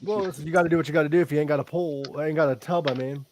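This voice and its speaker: A man's voice: fairly high pitch, fairly even intonation, racing. A man hosting a podcast, teasing his guest and laughing through crude jokes. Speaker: podcast host. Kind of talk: casual crude podcast banter.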